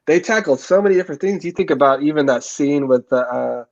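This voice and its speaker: A man's voice: a little high, fast talker, vocal fry, dry recording. A man co-hosting a movie review podcast, talking earnestly and reflectively in casual chat. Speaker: podcast co-host. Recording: dull lo-fi sound.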